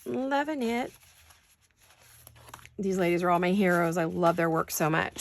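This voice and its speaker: A woman's voice: medium pitch, gravelly, slight background noise. A woman hosting a craft-along from her home studio, chatting and talking to herself in a rambling, playful way. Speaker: crafting channel host.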